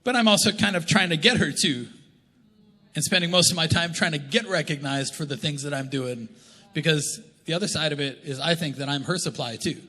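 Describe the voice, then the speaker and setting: A man's voice: on the high side, fairly quick, pushed and bright. A man preaching a sermon as a pastor, in a loose, conversational and joking way. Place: church auditorium. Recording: long church reverb.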